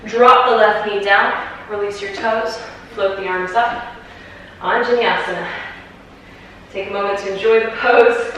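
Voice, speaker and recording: A woman's voice: medium pitch, unhurried, heavy reverb, far from the mic, a little hiss or hum, low-quality recording. Slightly breathless woman cueing a yoga flow. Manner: calm, encouraging step-by-step cueing. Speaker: yoga instructor. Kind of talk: guided yoga class cues.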